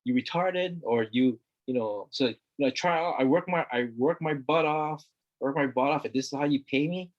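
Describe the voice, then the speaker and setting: A man's voice: mid-range voice, fairly quick, dull audio. A middle-aged man from Hawaii, a guest talking earnestly in a casual conversation, repeating words for emphasis. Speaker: interview guest.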